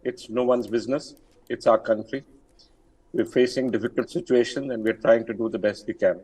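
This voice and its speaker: A man's voice: mid-range voice, fairly even intonation, normal speed, darkish tone, slightly rough. An older man, an army general speaking as an interview guest, firm and emphatic with many fillers and restarts. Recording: distant from the mic.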